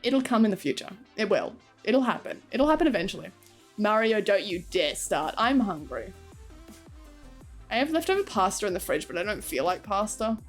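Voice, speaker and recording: A woman's voice: mid-range voice, big pitch swings, moderate pace, soft background music. A young adult woman streaming live, chatting casually with her viewers, giggling often and swearing freely as she rambles.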